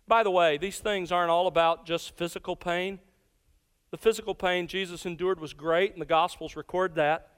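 A man delivers a sermon in a high-pitched, smooth and resonant voice. He speaks deliberately and slows down to weigh each key word. His voice carries a long reverb from a large hall. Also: steady tone, a bit bright. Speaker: preacher. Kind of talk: expository sermon.

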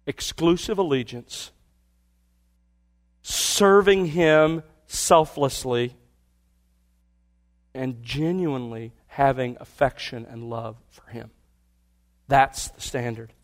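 A man preaching a sermon, stressing key words and dropping to quiet asides. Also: mid-range voice, slow pace, pauses often. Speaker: pastor.

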